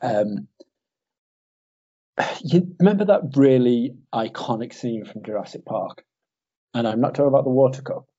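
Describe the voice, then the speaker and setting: A man's voice: medium pitch, animated, normal speed, long pauses, dark tone, slightly rough, dull audio. A man co-hosting a podcast, in rambling, jokey banter that often trails off. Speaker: podcast co-host.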